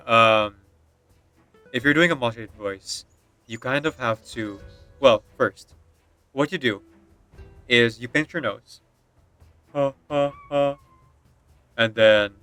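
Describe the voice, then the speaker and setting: Chatty laughing male gamer, bright voice. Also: mid-range voice, smooth, dry recording. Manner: rambling, laughs often, many fillers. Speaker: streamer. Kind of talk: casual chat while gaming.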